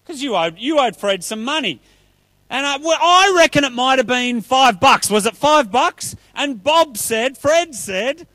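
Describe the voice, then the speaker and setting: A man's voice: extremely high pitch, animated, measured pace, pushed and bright, no room sound. A man giving a playful, chatty talk to children at church. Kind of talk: children's talk with audience play.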